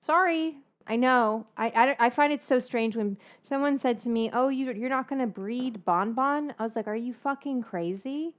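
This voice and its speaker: Lady rambling on her baking stream, cusses a lot, kinda high voice. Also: moderate pace, hardly any pauses. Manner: rambling, swears freely. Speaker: livestream host baking from her cookbook. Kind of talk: casual livestream chat.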